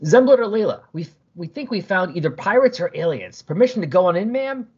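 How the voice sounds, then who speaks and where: A man voicing a brisk male soldier who reports in a clipped military way with a husky voice. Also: sits high, expressive, highs cut off, pitched above the performer's own voice. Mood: alert.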